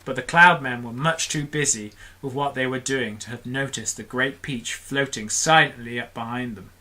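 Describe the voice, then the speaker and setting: A storyteller reading a children's book aloud on a livestream, expressive and doing the characters' voices. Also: mid-range voice, moderate pace. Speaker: storybook reader for a charity stream.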